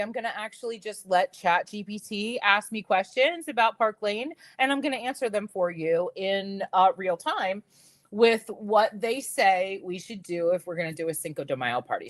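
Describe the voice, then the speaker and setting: A woman in her fifties hosting a live jewelry sales stream, telling stories in a lively, laughing way and talking straight to her viewers. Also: mid-range voice, dry recording, clean studio sound. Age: 50s. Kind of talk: chatty live-stream storytelling.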